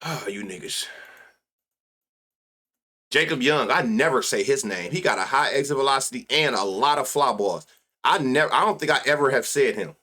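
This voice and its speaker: A man's voice: mid-range voice, normal speed. Man, sports-betting stream host, casual, profane, laughing, muttered stats. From United States. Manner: animated, profane, laughs often, reads stats aloud under his breath.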